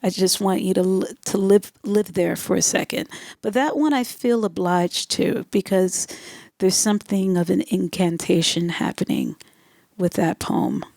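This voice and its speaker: Slow, laughing woman poet answering questions. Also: mid-range voice, animated, creaky, a little mellow, dry recording, clean studio sound. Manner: loose and playful, laughs often, repeats words as she thinks. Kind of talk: live Q&A answers. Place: live reading event.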